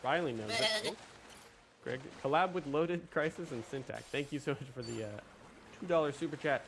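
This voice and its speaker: A man's voice: on the high side, animated, normal speed, creaky, a bit bright, slight background noise. Young man chatting on a livestream. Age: young adult. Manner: chatty, rambling, talks to chat. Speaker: livestream host. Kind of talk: casual livestream chat.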